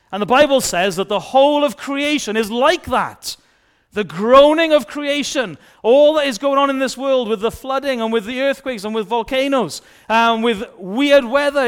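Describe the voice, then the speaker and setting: A man's voice: sits high, clear, resonant tone. A man preaching a children's sermon, asking the kids questions and acting out playful voices. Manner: lively, asks children questions and acts out silly kid voices.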